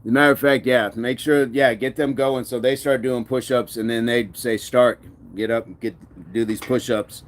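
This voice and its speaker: Man, mid-pitched, fitness livestream host, chatty, reads comments aloud, laughs a lot, between sets. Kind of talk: casual live-stream chat.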